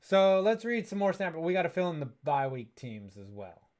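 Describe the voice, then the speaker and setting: A man's voice: high voice, sing-song, moderate pace, darkish tone. A young man co-hosting a sports podcast, casual and sarcastic, reading viewer messages aloud. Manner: jokey, sarcastic, reads viewer chats aloud. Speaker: podcast co-host.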